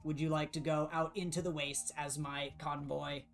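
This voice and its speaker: A man plays a male robot scavenger in a tabletop game, pitched a little above his usual voice. He speaks stiffly and formally, never shortening his words. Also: flat delivery, normal speed, creaky, soft background music. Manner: stiff, formal speech without contractions.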